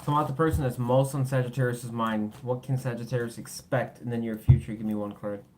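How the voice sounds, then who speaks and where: A man's voice: medium pitch, steady tone, brisk, background noise. Tired, foul-mouthed man reading tarot. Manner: blunt, swears freely. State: tired, voice cracking. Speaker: tarot reader.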